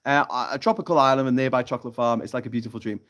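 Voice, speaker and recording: A man's voice: medium pitch, very fast, fairly bright tone. A man hosting a casual live stream from a tropical island, reading out chat comments and telling sweary jokes. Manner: chatty and sweary, telling jokes with lots of laughter. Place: off-grid tropical island, from a hammock.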